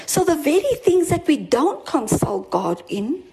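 A woman preaches and testifies about her own experience in a high, warm, very animated voice, speaking a little slowly. She repeats herself earnestly to stress her points, with restarts and mounting emphasis, captured on a low-quality recording.

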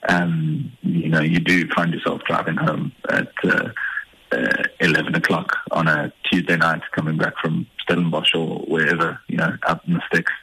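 A man from the Eastern Cape, a stand-up comedian talking in a relaxed, hesitant, self-deprecating way in a radio interview. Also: extremely low pitch, normal speed, husky, dry recording, poor audio. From Eastern Cape, South Africa. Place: radio studio.

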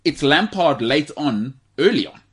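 Man, husky, animated, casual sports chat host. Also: fairly high pitch. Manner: animated storytelling, puts on quick character voices. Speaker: podcast co-host.

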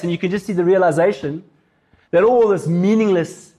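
A man preaching in a casual, storytelling way, with a voice pitched a little above most men. He retells a film scene with animated asides and turns it into a lesson. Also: brisk. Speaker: pastor. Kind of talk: sermon.

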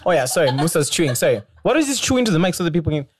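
A man's voice: on the high side, sing-song, racing. A man from Zimbabwe hosting a podcast, chatting loosely and laughing as he signs off the show. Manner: rambling, laughing, loose sign-off. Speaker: podcast host. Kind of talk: casual chat. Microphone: shared mic passed around.

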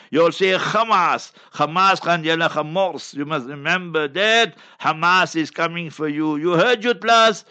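A man's voice: fairly high pitch, vocal fry, bright, forceful tone. A South African man, an Islamic scholar, giving fiery religious commentary in a combative, scornful way with many repeated phrases. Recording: dull lo-fi recording.

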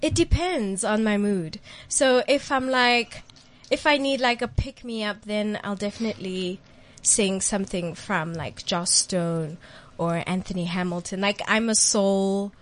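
A woman's voice: medium pitch, a little slow, few pauses. A woman, an actress talking as a guest in a radio studio in a bubbly, giggly way. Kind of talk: casual radio interview.

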